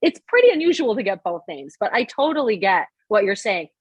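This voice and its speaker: Woman host, husky, lively storyteller, dry close sound with faint music behind. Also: mid-range voice, a little fast, no room sound, highs cut off. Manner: animated storyteller, laughs often. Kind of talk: casual conversation.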